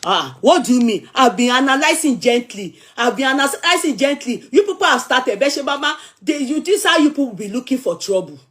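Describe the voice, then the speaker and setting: Woman, Nigerian accent, gossip host, animated, argues with commenters, high-ish voice. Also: a little fast, few pauses. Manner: animated, dramatic, argues with viewers. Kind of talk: live chat commentary.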